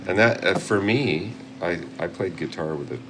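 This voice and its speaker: A man's voice: low-pitched, animated, moderate pace. A man in his fifties, a guest musician chatting casually in an interview, rambling and self-deprecating. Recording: noisy recording.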